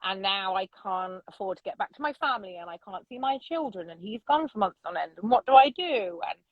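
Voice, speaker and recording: A middle-aged woman, a loud and unapologetic storyteller chatting as an interview guest from her vintage bus. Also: medium pitch, animated, brisk, phone-quality sound. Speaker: podcast guest. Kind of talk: casual interview chat.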